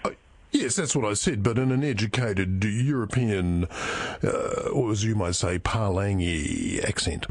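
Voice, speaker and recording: A man's voice: fairly low pitch, moderate pace, darkish tone, dry recording. A man playing a pompous, condescending talkback radio host in a comedy sketch.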